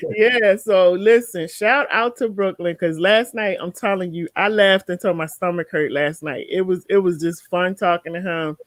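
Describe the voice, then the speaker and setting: A woman hosting a casual live talk show, chatting and telling animated stories. She sounds tired near the end of the night. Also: lowish voice, moderate pace, hardly any pauses, dry recording. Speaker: show host.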